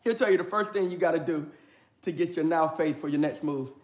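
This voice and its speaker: A man preaching a sermon as pastor, energetic and playful, mixing casual slang into his delivery. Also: on the high side, brisk.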